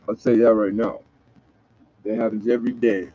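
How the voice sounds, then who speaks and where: A man's voice: mid-range voice, a little fast, a little mellow, no room sound. Rambling, profane man on a lo-fi stream. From Southern California. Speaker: livestream host. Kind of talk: casual late-night livestream chat.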